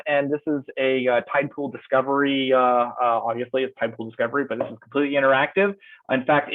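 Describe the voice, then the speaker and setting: Man teaching over a tinny line. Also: mid-range voice. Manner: thinks aloud while clicking through slides. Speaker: instructor. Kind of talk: online lecture with software demo. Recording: tinny phone-like call audio.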